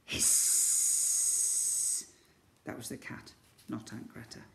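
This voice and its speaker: A male teacher reading a storybook aloud to young children, animated and acting out the sound effects. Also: mid-range voice, moderate pace, creaky, noisy background. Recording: echoey room.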